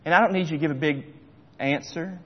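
A middle-aged man with a drawl preaches from the pulpit, his fairly high voice rising to loud pleas and dropping to hushed, near-whispered lines. The sound is a little dull and lo-fi, and it hangs in the long reverb of a church sanctuary. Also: quick pace. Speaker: pastor. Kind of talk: sermon.

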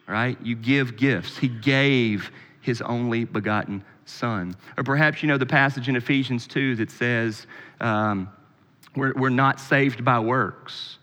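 A man's voice: medium pitch, measured pace, a bit bright, in a large hall. A man preaching a sermon as pastor, talking in an earnest, conversational way with frequent restarts.

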